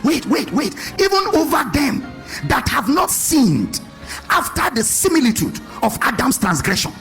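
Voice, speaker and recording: A man's voice: very high voice, wildly swooping pitch, normal speed, gravelly, fairly bright tone, soft background music. A man preaching a sermon, questioning his congregation and stressing points in a sing-song way. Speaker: pastor.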